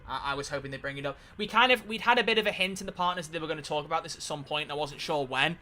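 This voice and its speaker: A man chatting casually on a live stream while playing a game, animated and quick to swear. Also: a little high, a little hiss or hum.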